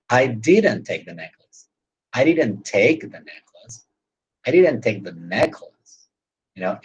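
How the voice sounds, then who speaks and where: A man's voice: lowish voice, slight background noise, low-quality recording. A man teaching English in an online class, explaining at length and tagging his points with "right?" and "you know".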